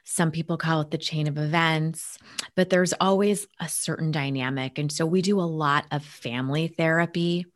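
A woman's voice: sits low, fairly even intonation, moderate pace. A woman telling a personal family story in casual conversation, earnest, sometimes dropping to a near-whisper. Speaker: guest sharing a family story.

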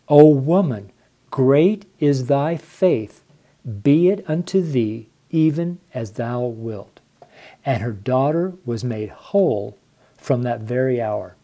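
An earnest middle-aged man reads scripture aloud for his devotional podcast and comments as he goes. His voice is warm and mellow, and his talk is unpolished and rambling, like a trucker speaking from the heart. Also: medium pitch. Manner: earnest, emotional, unedited and rambling. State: tearful. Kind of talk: devotional podcast with Bible reading.

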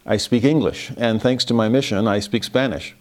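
A man's voice: medium pitch, moderate pace. A man, giving a devotional Christmas lesson in an earnest, reflective way with some self-deprecating humor. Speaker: religious teacher.

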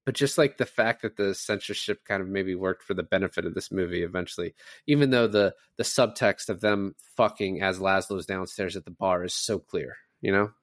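A man's voice: low-pitched, a little fast, no room sound, studio quality. A man co-hosting a podcast who chats casually about a film, retelling scenes with lots of fillers. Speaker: podcast co-host. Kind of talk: casual movie discussion.

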